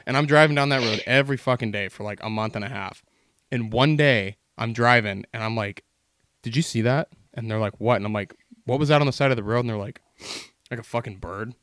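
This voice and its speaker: A man's voice: mid-range voice, fairly quick, fairly bright tone, no echo. A man telling long, rambling stories in casual podcast chat, swearing constantly as he goes.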